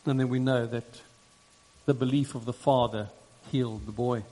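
A man preaching a sermon and reading scripture, earnest and measured, repeating phrases for emphasis. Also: mid-range voice, steady tone, warm tone. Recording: long reverb in a large hall.

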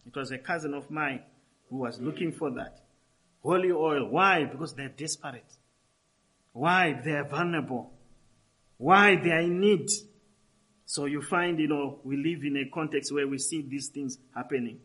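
A man preaching, his voice sitting a little high for a man. He drives his points home by repeating key phrases, rising and falling between loud stresses and quieter asides. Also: moderate pace, low-quality recording. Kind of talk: sermon.

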